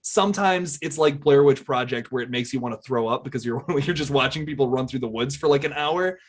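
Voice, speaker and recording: A man hosting a casual podcast film discussion, rambling excitedly, swearing and laughing often. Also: medium pitch, brisk, slightly rough. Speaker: podcast host.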